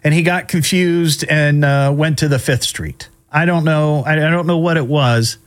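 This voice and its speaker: A man's voice: a little high, moderate pace. A middle-aged man hosting a show, casually commenting on odd news stories with wry asides and frequent fillers. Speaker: host.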